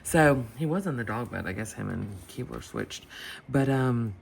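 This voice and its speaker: Chatty low-voiced woman telling a story. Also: normal speed, gravelly, slight background noise. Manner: chatty, animated retelling with quoted voices and laughter. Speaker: planner vlogger. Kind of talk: casual storytelling while planning. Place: home desk with dogs nearby.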